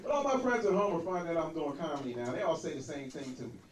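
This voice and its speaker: A man doing a crude, brash stand-up comedy set in a comedy club, slipping into quick impressions of the people in his stories. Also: fairly high pitch, expressive, very noisy. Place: comedy club stage with a laughing audience. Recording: roomy club recording from a distance, crowd laughter.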